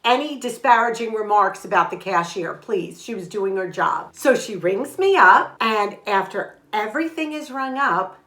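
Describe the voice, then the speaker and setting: A woman's voice: medium pitch, normal speed, few pauses. Chatty older woman in an echoey room. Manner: chatty and animated, retelling with quoted dialogue. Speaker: vlog host. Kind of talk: casual storytelling vlog.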